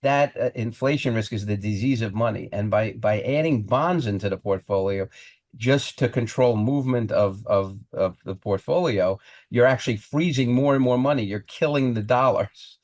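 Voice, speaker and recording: A man's voice: medium pitch, normal speed, a little mellow. A podcast host with a mid-range male voice lays out his points in an earnest, explanatory way. He trips over and repeats words and slips small chuckles into his sentences. The recording is dry, with no room echo around his voice. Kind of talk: conversational interview.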